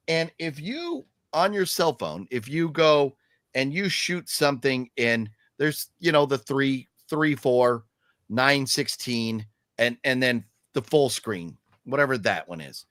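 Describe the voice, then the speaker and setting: A man's voice: a little high, fairly bright tone, no echo, clean studio sound. A man on a podcast giving blunt, profane, emphatic opinions about a film. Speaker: podcast co-host. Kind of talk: casual movie review chat.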